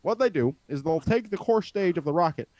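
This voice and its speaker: Man putting on a deliberate president voice, slow pauses, high-pitched, lively swoops. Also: dry recording, rough recording. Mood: mock-presidential. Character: impression of a male former US president, measured explainer. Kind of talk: comic impression in casual chat.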